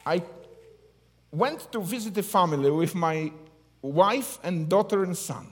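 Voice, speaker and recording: Man preaching with lively swings. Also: high-pitched, measured pace. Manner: heartfelt, broken English, swings from hushed to loud. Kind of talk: sermon. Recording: long hall reverb.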